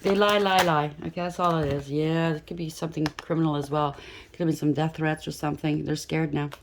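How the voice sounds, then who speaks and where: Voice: mid-range voice, level tone, fast talker, creaky, background noise. Blunt, emphatic tarot reader. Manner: emphatic, blunt, keeps checking in with "okay?"; loose and spontaneous, with frequent restarts. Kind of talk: tarot reading to camera.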